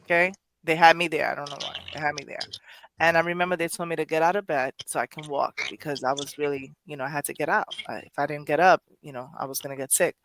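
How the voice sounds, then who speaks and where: A woman's voice: low-pitched, steady tone, fast talker, a bit bright, slight background noise. A woman hosting a poetry podcast, speaking emotionally in casual chat, rambling with many restarts and self-corrections. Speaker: poetry show host.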